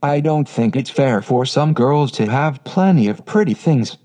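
A man reading the lines of a prim, sulky little girl in an even, unacted synthetic voice. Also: medium pitch, measured pace.

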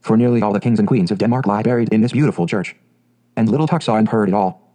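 A man narrating a fairy tale audiobook in a steady, measured way. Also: fairly low pitch, poor audio.

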